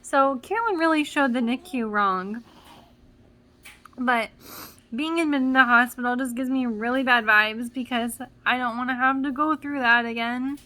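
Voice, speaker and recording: A woman's voice: sits high, moderate pace, sharp tone. A young mother vlogging casually, rambling with many fillers, emotional and close to tears. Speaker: vlogger mom. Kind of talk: casual vlog talk.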